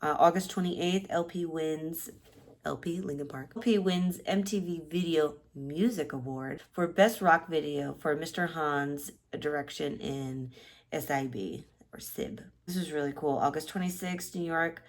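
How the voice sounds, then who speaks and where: A woman in her thirties casually showing keepsakes to the camera, rambling with restarts and sounding nostalgic and softly sentimental. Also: low-pitched, a little slow. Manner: softly sentimental, near tears at times; sleepy late-night talk. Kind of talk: casual show-and-tell chat.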